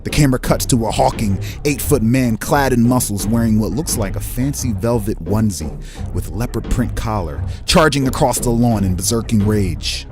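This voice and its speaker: A man narrating a tabletop game as game master, describing each scene like a camera at work. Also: medium pitch. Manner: cinematic, descriptive scene-setting.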